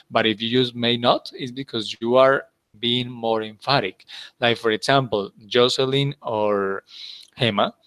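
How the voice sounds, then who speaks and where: Guy teaching english, patient, keeps checking in, medium pitch, dry close sound. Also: a bit bright, no room sound. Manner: patient, explains step by step, checks with "okay?". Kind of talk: online class instruction.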